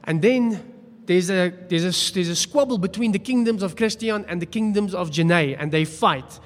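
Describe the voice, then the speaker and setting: A man's voice: high-pitched, normal speed. A man preaching a sermon, telling a story in a chatty, self-deprecating way. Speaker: pastor. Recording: long hall reverb.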